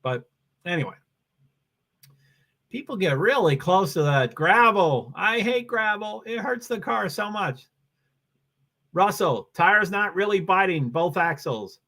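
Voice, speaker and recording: A man's voice: high voice, animated, slow, long pauses, pushed and bright. A man hosting a live stream, giving casual commentary on a race and chatting with viewers in a rambling, self-interrupting way. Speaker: livestream host.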